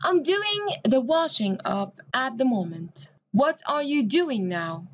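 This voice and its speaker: A woman's voice: high-pitched, sing-song, slow, lo-fi sound. A woman from Egypt, an English teacher giving a recorded grammar lesson, explaining step by step and spelling words out letter by letter.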